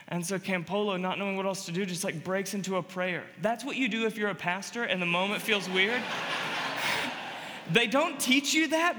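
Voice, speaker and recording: A male pastor preaching a sermon and telling a story, moving between loud emphatic lines and quiet, hushed ones. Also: high voice, big-room sound.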